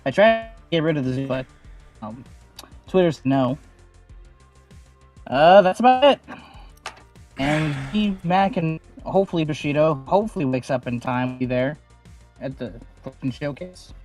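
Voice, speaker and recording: A man's voice: a little high, normal speed, pauses often, darkish tone, faint music behind. Blunt, sweary podcast co-host man. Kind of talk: casual chat.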